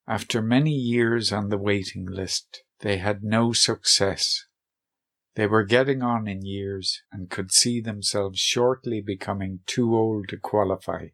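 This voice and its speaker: A man hosting a workshop video, giving scripted narration with dry, deadpan humor. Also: fairly low pitch.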